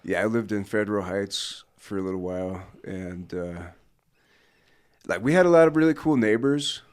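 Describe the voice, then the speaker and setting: Easygoing young male guest from the Denver area with a fairly low voice, relaxed and agreeable in chat. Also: moderate pace, clear, resonant tone. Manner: easygoing, agreeable, many fillers. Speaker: musician guest. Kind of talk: casual chat.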